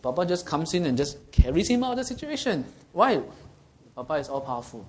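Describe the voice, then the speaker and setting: A man delivers a sermon at a brisk pace, his slightly high voice very animated. Earnest and instructive, he quizzes his listeners and regularly checks with "okay?".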